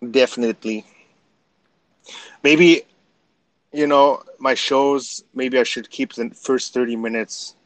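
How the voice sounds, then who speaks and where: A man from Canada hosting a casual livestream, chatty and quick to laugh things off as he talks straight to his viewers. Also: mid-range voice, fairly even intonation, no echo, low-quality recording. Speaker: livestream host.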